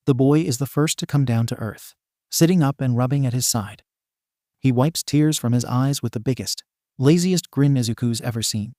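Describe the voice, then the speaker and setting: Mellow-voiced man narrating a story. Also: mid-range voice, moderate pace, no room sound, studio quality. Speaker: fan fiction reader. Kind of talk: scripted narration.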